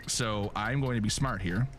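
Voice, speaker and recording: A man's voice: on the low side, unhurried, soft background music. A man streaming a game live, chatting casually and jokingly straight to his viewers. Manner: animated, joking, talks straight to chat.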